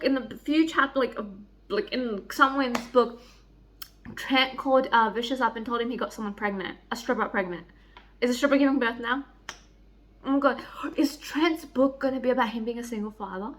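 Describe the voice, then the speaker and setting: A young woman chatting excitedly in a book vlog, gushing, giddy and swearing freely. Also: a little high, normal speed. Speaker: book vlogger. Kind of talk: excited reading vlog chat.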